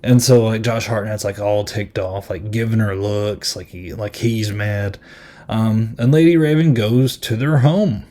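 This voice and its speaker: A man's voice: on the low side, steady tone, unhurried, mellow. A man hosting a podcast and reviewing a film in casual chat, rambling and amused, with lots of ums and likes.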